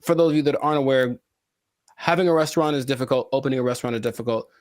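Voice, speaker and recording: A male podcast co-host who chats in a joking, rambling way and keeps slipping into animated asides. His voice sits at an ordinary pitch. It is recorded close and dry, with no room sound. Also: rapid-fire, dry recording. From California. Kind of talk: casual podcast chat.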